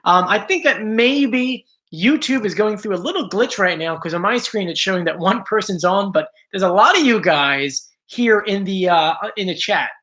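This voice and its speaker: A man's voice: high-pitched, expressive, moderate pace, hardly any pauses, pushed and bright. Male stream host, casual and talkative, reads out viewer names, slightly strained voice, home setup. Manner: chatty, greets viewers by name. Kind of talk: casual live-stream chat.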